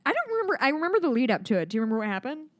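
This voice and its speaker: A woman with a Midwestern American accent co-hosting a podcast in casual chat, animated and swearing freely. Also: high voice, very fast, muffled recording. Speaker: podcast co-host.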